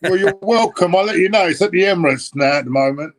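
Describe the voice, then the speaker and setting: A man's voice: high-pitched, quick pace, a little hiss or hum. A man joking crudely in a casual football watchalong chat. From Finsbury Park, London. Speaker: co-host.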